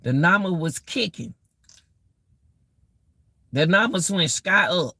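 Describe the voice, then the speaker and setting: A woman's voice: lowish voice, expressive, slow pace, pushed and bright, dry recording, clean studio sound. A middle-aged woman hosting a casual live-stream rant, exclaiming and repeating herself as she talks straight to her viewers.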